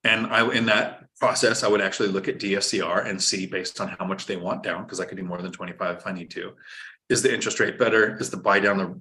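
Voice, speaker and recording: A man's voice: lowish voice, bright, forceful tone. A man hosting a live-stream finance talk, explaining step by step in an instructive way and cracking jokes while reading viewer chat. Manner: instructive, joking, reads viewer chat aloud. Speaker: host.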